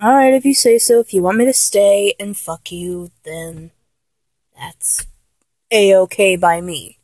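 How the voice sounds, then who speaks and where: This woman speaks slowly at a medium pitch with a darkish tone, recorded dry. Playing a flustered young lover in a comedic audio role-play, she tries again and again to act dominant without success, talking in an exasperated, self-correcting way.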